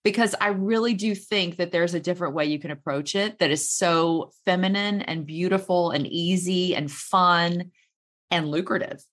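A middle-aged woman with a bright, forceful voice sitting low in pitch, chatting as a guest on a podcast. She talks with enthusiasm and open feeling and laughs easily. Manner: emotional, enthusiastic, quick to laugh. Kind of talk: casual interview chat.

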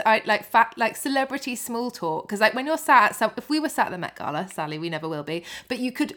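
A woman co-hosting a chat show, teasing the guest and quick to laugh. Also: mid-range voice, a bit bright. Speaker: podcast co-host. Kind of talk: casual chat.

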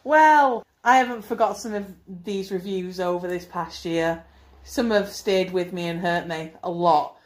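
A woman's voice: fairly low pitch, measured pace. A young woman co-hosting a casual film-review chat, teasing and ribbing her co-host with dry jokes. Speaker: podcast co-host.

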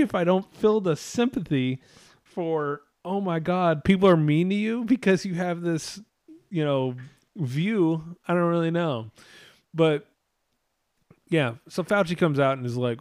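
Male podcast host, slightly high voice, dry close mic, rambling and profane. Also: measured pace, a little mellow, dry recording. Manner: profane, rambling, laughs often. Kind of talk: casual chat reacting to clips.

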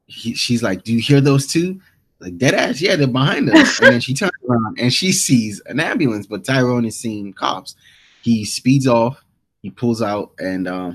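A man co-hosting a podcast, casually recapping a TV episode and talking through the scenes with many restarts. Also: low-pitched. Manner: rambling recap with quoted lines and many restarts. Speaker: podcast co-host.

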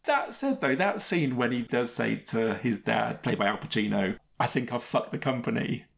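A man's voice: medium pitch, creaky. A man co-hosting a film podcast in a casual, rambling, digressive way, often chuckling between points. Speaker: podcast co-host and film reviewer.

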